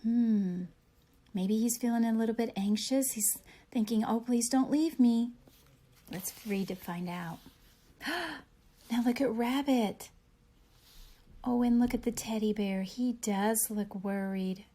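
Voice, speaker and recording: A young woman teacher reading a picture book aloud to young children, pausing to ask gentle questions. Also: on the high side. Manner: gentle, animated storybook reading with questions to kids.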